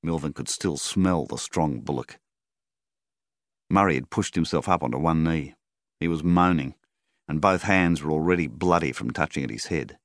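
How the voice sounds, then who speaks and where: Very deep, gravelly Australian man narrating. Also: normal speed, no echo, studio quality. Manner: steady storyteller, voices the characters. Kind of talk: audiobook narration.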